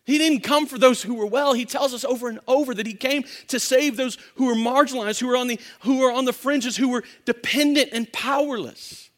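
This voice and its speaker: A very high-pitched male pastor moves briskly through his sermon with hardly any pauses. He narrates energetically, acts out quotations, and keeps restarting his sentences.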